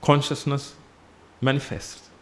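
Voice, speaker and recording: A man delivers a Buddhist sermon in a temple hall, his medium-pitched voice completely flat and slow. He teaches through repetition and rhetorical questions, dropping his voice whenever he says "ladies and gentlemen" to address listeners.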